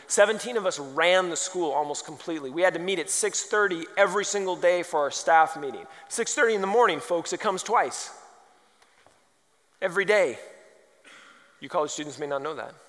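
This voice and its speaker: A man's voice: a little high, a bit bright. A man preaching a sermon, firing off rhetorical questions and telling humorous stories. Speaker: pastor. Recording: long hall reverb.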